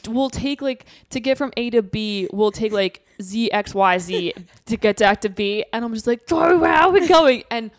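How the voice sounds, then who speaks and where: A woman from Minnesota, a comedian guest, telling anxious, animated stories with laughs in a casual podcast chat. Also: medium pitch, moderate pace, hardly any pauses, no room sound, clean studio sound.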